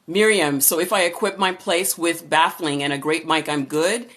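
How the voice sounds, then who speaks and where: A woman voice-over artist with a low voice, casually chatting on a live stream and greeting viewers by name as she answers their questions. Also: normal speed, a bit bright. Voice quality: low-registering voice. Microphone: camera or phone for a live stream.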